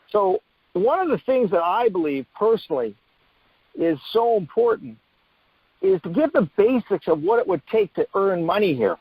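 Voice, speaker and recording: A man giving an energetic motivational training talk on a call, full of rhetorical questions and repeated phrases. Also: high voice, moderate pace, pauses often, husky, dry recording. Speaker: network marketing trainer hosting a call. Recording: dull muffled call audio, dry.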